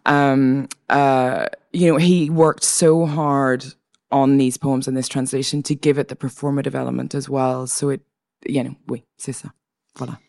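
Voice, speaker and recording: A woman's voice: rumbling low, normal speed, vocal fry. A woman from Northern Ireland with a Northern Irish accent, a guest poet telling a story in a casual interview with laughter and many restarts. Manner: animated, laughing, full of restarts and asides.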